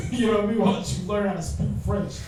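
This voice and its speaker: High-voiced man teaching in echoey room. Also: fast, darkish tone, distant mic, slight background noise. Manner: slangy, joking, talks straight to the class. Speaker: Bible class teacher. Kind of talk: informal Bible class teaching.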